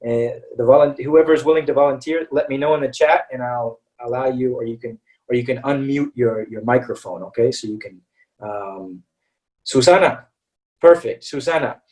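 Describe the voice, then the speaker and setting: A man's voice: mid-range voice, normal speed, darkish tone, distant mic, rough recording. A man teaching English pronunciation in an online webinar, patiently checking in with his class after nearly every point. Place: online video-call webinar.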